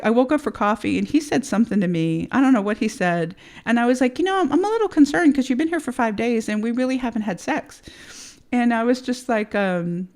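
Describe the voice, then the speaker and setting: A woman's voice: medium pitch, darkish tone. A woman hosting a podcast, telling a personal story in a rambling way, with frequent swearing and restarts. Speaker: podcast host. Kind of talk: casual storytelling monologue.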